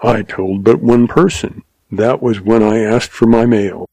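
A man's voice: on the low side, fairly even intonation, unhurried, mellow, no echo. A man playing a terse young cowboy. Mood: cool. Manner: dry, terse drawl. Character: tough young male cowboy investigator, tart and cool.

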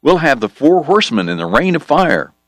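A man's voice: fairly high pitch, sing-song, a little fast, no echo, voice pushed up. A man voicing a rowdy young man who teases his brother with mock alarm. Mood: mock-pleading. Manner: mocking, exclaiming.

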